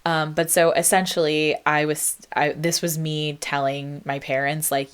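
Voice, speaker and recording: A woman's voice: low voice, level tone, measured pace, hardly any pauses, clear, resonant tone. A young adult woman hosting a solo podcast, chatting reflectively with many ums and likes and reading out her old song lyrics. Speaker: podcast host. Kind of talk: casual solo podcast monologue.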